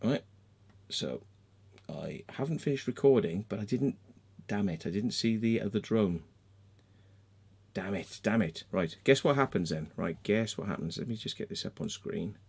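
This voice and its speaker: A middle-aged British man hosting a casual livestream, telling a story in a sweary, excitable way and acting out the voices of the people in it. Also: lowish voice, moderate pace, vocal fry, breathy edge. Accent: British English. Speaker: livestream host. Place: home room with fan and dog.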